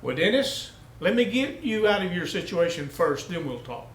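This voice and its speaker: A man voicing God as a calm, patient voice that coaxes a man to listen. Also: high voice, roomy sound. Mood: calm assuring. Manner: calm, coaxing, measured.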